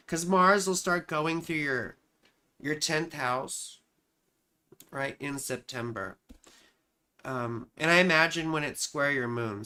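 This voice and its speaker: Slow, soothing man reading charts. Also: a little high. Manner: soft-spoken and consoling, calls viewers baby and sweetheart, swears casually. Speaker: astrologer hosting a live chart-reading stream. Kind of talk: casual live-stream chart reading. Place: home, with a cat nearby.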